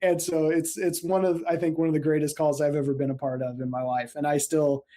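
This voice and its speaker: Man from central Illinois, paramedic guest, fairly high pitch, mellow tone, animated storyteller. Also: brisk. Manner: animated, laughs often, acts out quotes. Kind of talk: casual storytelling interview.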